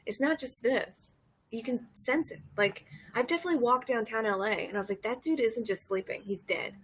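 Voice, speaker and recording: A woman from Louisiana hosting a casual comedic monologue, rambling and cursing and laughing her way through dark topics. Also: fairly high pitch, lively intonation, fairly quick, husky, rough recording. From Louisiana, USA. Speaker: host.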